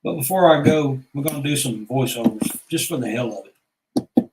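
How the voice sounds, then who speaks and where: A man's voice: mid-range voice, moderate pace, noisy background. Rambling, foul-mouthed man in an echoey room. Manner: crude, rambling, swears often. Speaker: vlogger. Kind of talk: casual rambling monologue.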